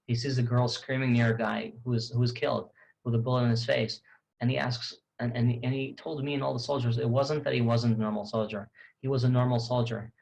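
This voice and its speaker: A man's voice: mid-range voice, a little fast, vocal fry, poor audio. A man working as a tour guide tells a story in a conversational way, stopping and restarting often and repeating words as he goes. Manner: conversational, animated retelling. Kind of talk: storytelling talk to camera.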